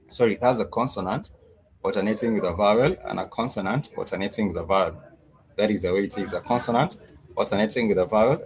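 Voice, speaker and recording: Low-voiced man teaching a language class. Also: rough recording. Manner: patient, repetitive, drills words slowly with many fillers. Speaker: Swahili teacher. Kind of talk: online language lesson.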